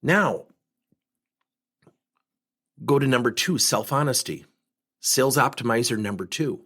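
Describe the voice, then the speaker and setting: Husky male sales coach, lively pitch, storytelling, acts out voices. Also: measured pace. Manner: animated, acts out quoted voices. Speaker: sales coach, podcast host. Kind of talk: storytelling talk.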